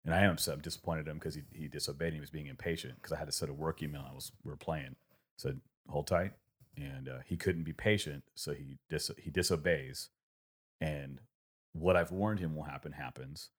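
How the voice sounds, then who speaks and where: Man, 30s, extremely low voice, reflective storyteller with lots of ums. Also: steady tone, fairly quick, breathy edge. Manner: reflective, rambling storytelling with many fillers. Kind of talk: casual conversation.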